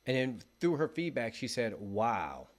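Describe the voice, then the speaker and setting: A man's voice: fairly low pitch, lively intonation, brisk. A man giving an earnest, encouraging motivational monologue, speaking straight to the listener as a motivational speaker.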